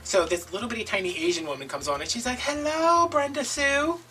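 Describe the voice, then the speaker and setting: A man telling a casual story as a crafting video host, animated and gossipy, acting out other people's voices as he goes. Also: a little high, very fast. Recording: distant mic with faint background music.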